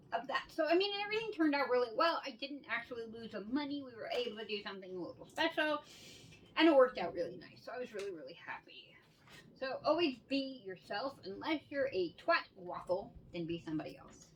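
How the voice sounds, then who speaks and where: A woman's voice: fairly high pitch, a bit bright, recorded from a distance, a little hiss or hum, poor audio. A woman telling stories in a candid casual monologue, swearing freely and laughing often. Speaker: vlogger.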